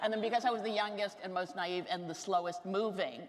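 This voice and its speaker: Woman, about 60, mid-pitched, animated comic storyteller on stage in a reverberant lecture hall. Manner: rapid, animated, self-mocking. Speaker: author giving a talk. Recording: reverberant hall with faint noise.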